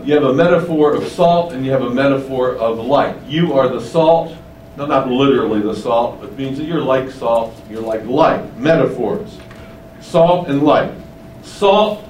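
Emphatic preacher, echoey room. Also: male voice, mid-range voice, darkish tone, far from the mic, a little hiss or hum. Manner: slow, emphatic teaching with rising stresses. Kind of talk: sermon.

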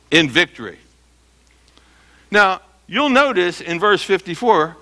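Preaching with emphasis, a middle-aged pastor poses questions to his listeners and supplies the answers himself. His sharp voice sits high and swings widely in pitch at a moderate pace.

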